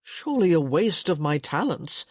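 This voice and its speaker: A woman's voice: deep voice, very animated, normal speed, darkish tone, dry recording, studio quality. A woman voicing a flippant young man teasing his sister in an audiobook. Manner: teasing and flip.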